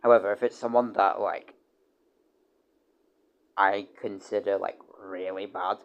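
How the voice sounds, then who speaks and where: In no hurry and sounding muffled, this man rambles casually on a livestream. He swears without restraint and stops and restarts constantly, repeating himself, with sudden loud, excited spikes in pitch.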